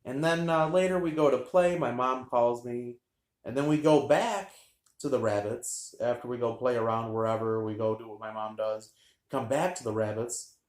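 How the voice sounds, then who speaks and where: A man tells a childhood story in a loose, rambling way, full of fillers and deadpan asides. His voice sits at an ordinary middle pitch. The room around him has a noticeable echo. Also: moderate pace. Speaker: vlogger telling a childhood story. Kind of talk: casual storytelling.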